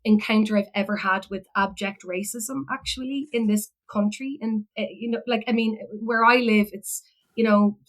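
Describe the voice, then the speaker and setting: Irish woman guest, rambling heartfelt storyteller, lots of fillers, medium-pitched voice. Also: fairly even intonation, moderate pace, poor audio. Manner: rambling, many fillers and restarts. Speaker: podcast guest, philosophy educator. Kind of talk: emotional personal storytelling.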